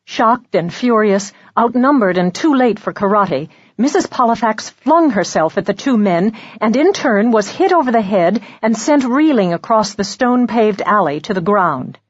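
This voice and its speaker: Breathy woman narrating a thriller. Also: medium pitch, lively intonation, normal speed, hardly any pauses, no echo, highs cut off. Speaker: audiobook narrator. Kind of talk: scripted narration.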